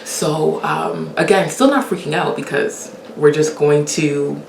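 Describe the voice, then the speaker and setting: A young woman telling a casual personal story as host, animated and laughing often as she acts out the lines she quotes. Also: low voice, measured pace, vocal fry, echoey room, far from the mic, a little hiss or hum.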